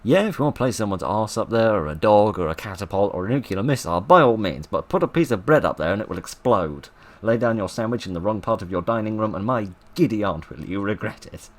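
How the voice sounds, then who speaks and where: Brief: lowish-voiced man, comic read-aloud, wry and animated. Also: fast. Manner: wry, sarcastic asides with frequent laughter. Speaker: channel host reading an old book.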